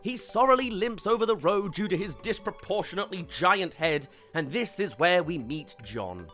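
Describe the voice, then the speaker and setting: A man's voice: high voice, lively intonation, normal speed, sharp tone, faint music behind. A young man giving a comedic, sarcastic film review commentary. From United Kingdom. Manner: sarcastic and wry.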